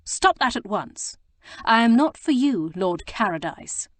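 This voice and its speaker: A woman's voice: a little high, big pitch swings, a little slow, fairly bright tone, dry recording, pitched above the performer's own voice. A woman voicing a spirited, prim young Regency lady who speaks with emphatic, proper indignation. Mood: indignant.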